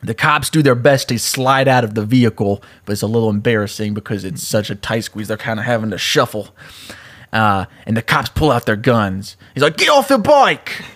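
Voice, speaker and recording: A man's voice: fairly low pitch, fairly quick. Laughing man telling a story. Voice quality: laughs often, animated storyteller. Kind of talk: casual chat, retelling a story.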